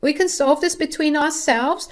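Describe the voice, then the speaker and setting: A woman voicing an older, manipulative mother-in-law who pleads in a high, wailing voice. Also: normal speed, lightly acted. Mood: pleading, wailing.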